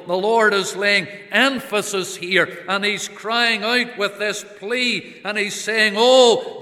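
A male preacher giving a sermon, earnest, swelling on key words and then dropping to a hush. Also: high-pitched. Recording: long reverb of a large church.

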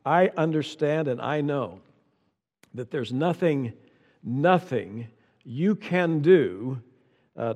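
A man's voice: on the high side, a little mellow, big-room sound. An older man preaching a sermon, folksy and anecdotal, repeating key lines for emphasis. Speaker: pastor.

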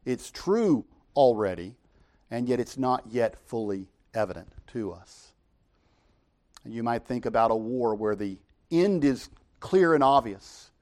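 A man's voice: medium pitch, lively intonation, a little slow, a little mellow. A middle-aged man preaching an expository sermon from the pulpit, conversational and full of rhetorical questions. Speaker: pastor.

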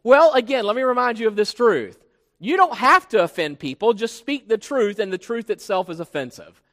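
A male pastor preaches with a high, lively voice that swings widely in pitch as he stresses each point. He sounds emphatic and teacherly and puts questions to his listeners. His words ring out with a long reverb, as in a large church sanctuary. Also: normal speed. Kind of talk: expository sermon.

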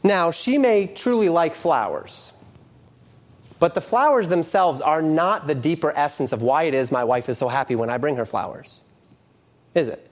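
A middle-aged man preaching a sermon as a pastor. His voice sits fairly high, and he speaks earnestly. He slips between quoted scripture and animated stories from everyday life. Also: normal speed.

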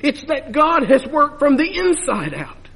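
A man preaching a sermon with emphatic delivery, rising to loud urging and dropping to hushed lows. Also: sing-song, measured pace, gravelly. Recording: long hall reverb.

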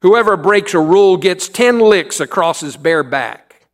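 A big, tough schoolboy booms out his words, as a preacher acts him out. He is loud and forceful, pitched higher than the speaker's own voice. It is a story told in a sermon. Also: expressive, measured pace, in a large hall. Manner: booming and loud.

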